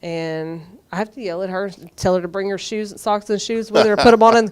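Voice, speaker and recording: A woman's voice: medium pitch, level tone, brisk, darkish tone, clean tone. A woman co-hosting a morning show, chatting casually and laughing easily. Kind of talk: casual chat.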